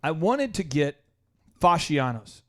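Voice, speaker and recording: A man's voice: a little high, slow pace. A man hosting a business coaching podcast, telling stories emphatically and restarting his sentences often. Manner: emphatic, animated storytelling with many restarts. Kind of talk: energetic coaching talk with anecdotes.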